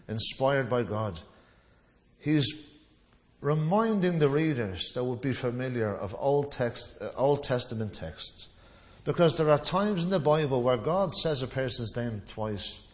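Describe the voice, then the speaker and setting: A man preaching a sermon in a conversational, anecdotal way, now and then acting out the voices of people he quotes. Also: mid-range voice. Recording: long reverb of a large hall.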